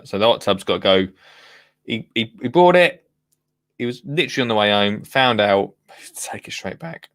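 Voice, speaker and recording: A man hosting a live gardening phone-in show, chatting casually and rambling excitedly with listeners. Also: fairly low pitch, vocal fry. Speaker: gardening podcast host.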